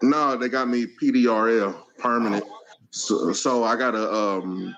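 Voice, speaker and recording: A man's voice: mid-range voice, steady tone, a little slow, fairly bright tone, muffled recording, slight background noise. A man speaking in a plainspoken, matter-of-fact way in casual podcast chat.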